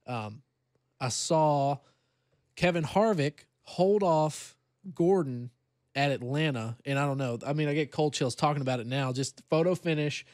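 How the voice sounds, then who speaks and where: A young man in his twenties chatting as co-host, relaxed, telling a story in halting bits. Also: a little high, dry recording, clean studio sound. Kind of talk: casual chat.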